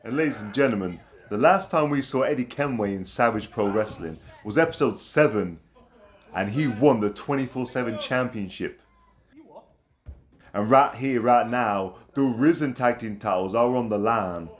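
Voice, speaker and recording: Male wrestling play-by-play caller, mid-pitched, shouty and slangy. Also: normal speed. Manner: shouty exclamations, slangy, laughs often. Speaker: wrestling commentator. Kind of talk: excitable play-by-play commentary.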